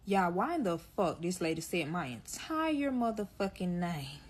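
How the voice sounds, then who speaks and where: A woman's voice: fairly low pitch, sing-song, a little slow. A woman telling a dramatic personal story to her viewers in a storytime vlog, swearing freely and talking straight to her audience.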